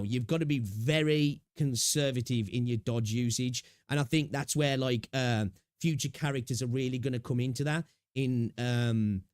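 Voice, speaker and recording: A man's voice: medium pitch, a little mellow, no room sound, clean studio sound. A man streaming and reacting to a clip, rambling casually with many fillers and the odd swear.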